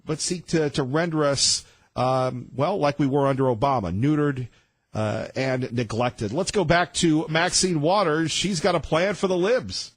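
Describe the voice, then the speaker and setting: Emphatic, husky-voiced male radio host. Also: fairly high pitch, unhurried, no echo. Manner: emphatic, rambling, with many restarts. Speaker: radio talk show host. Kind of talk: talk radio monologue.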